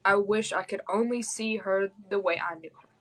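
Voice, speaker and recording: A woman's voice: mid-range voice, steady tone, moderate pace, a bit bright, rough recording. A woman, hosting a podcast and telling a personal story in a raw, blunt way, swearing heavily. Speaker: podcast host.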